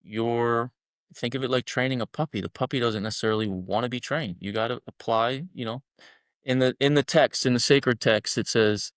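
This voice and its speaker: A man's voice: medium pitch, normal speed, dry recording, studio quality. A man guest on a podcast, talking bluntly and emphatically, swearing freely as he makes his points. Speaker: guest, men's collective founder. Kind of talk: podcast interview talk.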